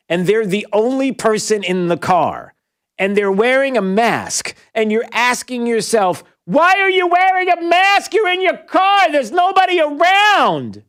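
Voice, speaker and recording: A man's voice: high-pitched, dry recording, clean studio sound. Fired-up man hosting talk radio. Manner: emphatic, rising to near-yelling when riled. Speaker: radio talk show host. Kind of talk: opinionated talk radio monologue.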